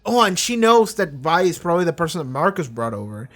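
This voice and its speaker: A man with a somewhat high voice, rambling through casual reaction commentary on a show. He swears freely and slips into quick impressions of the characters. It sounds unscripted and loose. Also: very animated, fairly bright tone. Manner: rambling, profane, acts out characters' lines. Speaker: reaction video host.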